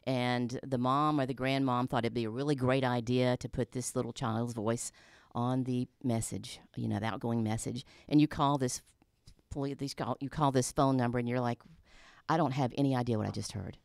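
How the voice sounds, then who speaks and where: A woman's voice: very deep voice, fairly even intonation, moderate pace, darkish tone, clear, resonant tone, no room sound. Chatty woman voice artist, dry studio. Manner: self-deprecating, chatty, with fillers. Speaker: voice-over artist and traffic reporter. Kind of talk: casual radio interview. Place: radio studio. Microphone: studio microphone.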